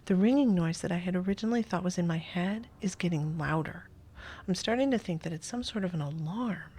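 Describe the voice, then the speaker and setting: A woman reads a first-person interactive story aloud, her voice soft and often dropping to a near whisper. She breaks off now and then for casual asides of her own. Her pitch sits a little low. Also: fairly quick, breathy edge. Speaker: host reading an interactive story.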